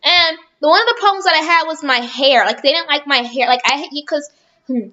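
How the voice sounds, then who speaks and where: A woman's voice: high-pitched, expressive, fairly quick, bright, forceful tone, lo-fi sound. A woman telling a rambling storytime on her vlog, chatting casually and often correcting herself. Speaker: vlogger.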